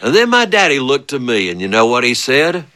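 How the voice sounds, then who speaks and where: A man telling a funny childhood story, animated and chuckling often, with big swings of voice. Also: medium pitch, brisk. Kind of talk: spoken storytelling.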